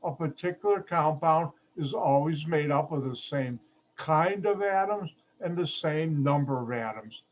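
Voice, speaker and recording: Male chemistry instructor, playful and jokey, teaching a class in a somewhat high voice over dull, muffled video call audio. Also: unhurried, slight background noise. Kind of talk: online lecture.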